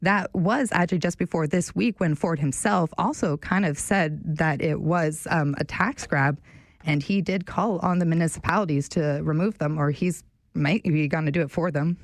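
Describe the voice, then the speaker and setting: A young woman hosting a talk radio show, telling a story in a chatty, animated way. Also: low-pitched, moderate pace, no echo. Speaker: radio show fill-in host. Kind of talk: casual talk radio chat.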